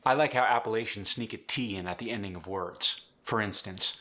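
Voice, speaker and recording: A man's voice: lowish voice, fairly quick, hardly any pauses, sharp tone. A man explaining and demonstrating accent features as a coach in a tutorial. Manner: clear, explanatory, demonstrates example words.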